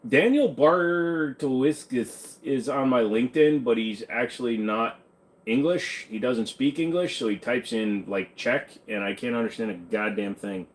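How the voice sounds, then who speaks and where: A man with a mid-range voice hosts a casual livestream Q&A, answering questions from chat at a measured pace. He rambles loosely and swears freely.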